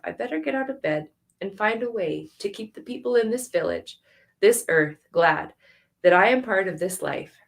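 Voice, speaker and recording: A woman reading her own story aloud at a live event, earnest and conversational, with laughing asides. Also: mid-range voice.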